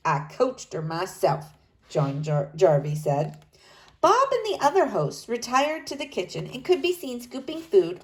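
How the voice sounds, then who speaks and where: A woman narrating a storybook aloud in an expressive, dramatic way. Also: medium pitch.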